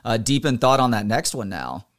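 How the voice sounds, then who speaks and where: A man in his thirties hosts a radio interview, his voice smooth and resonant. He asks long, earnest questions at a middle pitch. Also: sing-song, moderate pace. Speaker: radio host.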